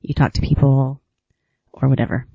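A man giving a reflective talk as a retreat teacher, musing unhurriedly with gentle laughs and pauses. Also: mid-range voice, level tone, vocal fry, no room sound, muffled recording. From United States.

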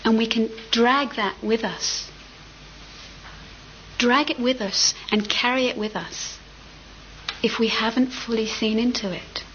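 A middle-aged woman giving a dharma talk as a meditation teacher, gentle and reflective with unhurried pauses. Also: fairly high pitch, slight background noise. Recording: slightly muffled with faint ambience.

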